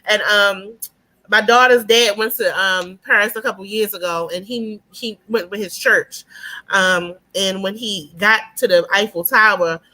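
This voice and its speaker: A woman's voice: medium pitch, unhurried. A woman, chatting as a podcast guest and telling stories. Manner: animated storyteller, often asks "you know what I mean". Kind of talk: casual podcast conversation.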